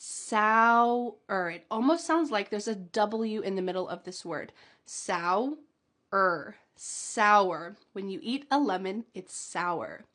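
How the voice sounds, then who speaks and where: A woman teaching English pronunciation, enunciating each demonstration word slowly and clearly and laughing lightly now and then. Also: mid-range voice, animated, a bit bright. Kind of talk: pronunciation lesson.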